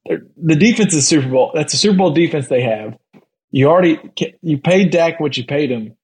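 A man hosting a casual sports podcast, running the segment in a quick, conversational way. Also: fairly high pitch, rough recording. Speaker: podcast host.

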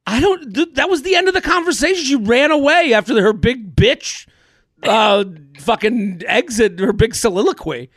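A man's voice: extremely high pitch, lively intonation, normal speed, fairly bright tone, no room sound, clean studio sound. A young man hosting a casual podcast, rambling through an anecdote with frequent restarts. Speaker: podcast host.

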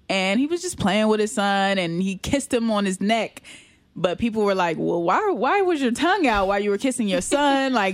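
A woman's voice: medium pitch, dry recording. A woman co-hosting a casual entertainment news chat, slangy and laughing often. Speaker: co-host.

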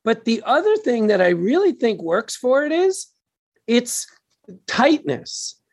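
A man speaks as an interview guest, with a husky, slightly breathy voice. He explains his ideas thoughtfully and stumbles over a few words as he goes. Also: very high voice, very animated, slow pace. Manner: thoughtful, explanatory, some stammering. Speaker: guest producer. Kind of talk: casual interview chat.

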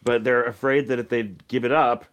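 A man's voice: medium pitch, steady tone, a little fast, fairly bright tone, clean tone. Rambling, sardonic man co-hosting. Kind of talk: casual political chat.

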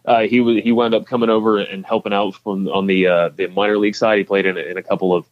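Low-voiced man in casual sports chat. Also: flat delivery, quick pace, narrow, tinny audio. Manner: rambling, many restarts and fillers. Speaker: podcast co-host.

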